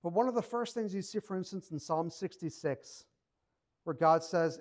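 Guy preaching a sermon, kinda high voice, chatty and emphatic, acts out little quotes. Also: normal speed, a little mellow. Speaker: pastor.

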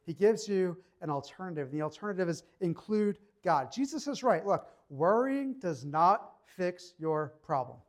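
Man, pastor, high-pitched, conversational sermon, reads scripture slowly. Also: animated. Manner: conversational preaching, slows to read scripture aloud.

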